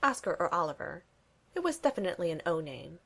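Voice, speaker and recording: A woman reading a fan fiction story aloud in a wry, even storytelling manner. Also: fairly low pitch, quick pace, slightly rough. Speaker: reader.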